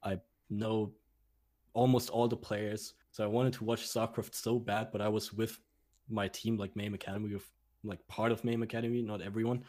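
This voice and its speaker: A man's voice: fairly low pitch, flat delivery, normal speed, a little mellow. A man in casual conversation, talking earnestly and rambling with many fillers. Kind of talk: casual podcast chat.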